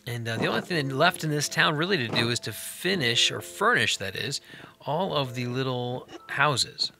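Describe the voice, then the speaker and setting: A man's voice: medium pitch, lively intonation, normal speed, gravelly, music in the background. A man hosting a Let's Play, giving upbeat, chatty gameplay commentary and talking directly to viewers.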